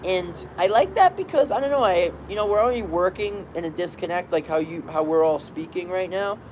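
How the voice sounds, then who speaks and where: A man's voice: high-pitched, expressive, brisk, a little hiss or hum. A man hosting a rambling, upbeat live-stream chat, lying in a hammock on a balcony outdoors. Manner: rambling, upbeat, greets viewers by name.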